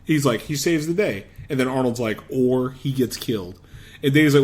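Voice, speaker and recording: A man's voice: medium pitch, normal speed, darkish tone. A man co-hosting a podcast, animatedly recapping a movie and acting out its scenes in big voices. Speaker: podcast co-host. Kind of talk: casual movie recap chat.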